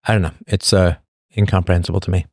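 Deep-voiced man rambling sardonically. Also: fairly even intonation, fast talker, a little mellow, no echo, clean studio sound. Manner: rambling, sardonic, with frequent restarts. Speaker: livestream host. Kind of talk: casual livestream monologue.

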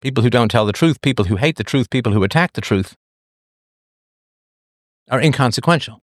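A man's voice: medium pitch, animated, a little fast, no echo. Emphatic lecturing man, dry close sound. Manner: emphatic, lecturing, mock-quoting others in a raised voice. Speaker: show host answering listeners. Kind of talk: emphatic monologue to a listener.

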